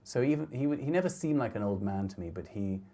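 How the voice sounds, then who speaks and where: A middle-aged man with a low, mellow voice talks through his photographs in a lecture hall. He speaks gently and thoughtfully, often stopping to restart his sentences. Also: lively intonation, quick pace. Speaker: photographer giving a talk. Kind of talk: reflective slide talk.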